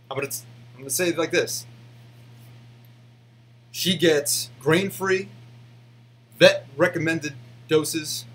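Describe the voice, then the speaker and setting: Male vlogger, slightly high pitch, casual, hesitant, prone to ranting; faint hum in the room. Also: a bit bright. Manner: rambling, hesitant, with frequent restarts and fillers; defensive ranting. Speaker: YouTube host answering fan questions. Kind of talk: casual behind-the-scenes chat.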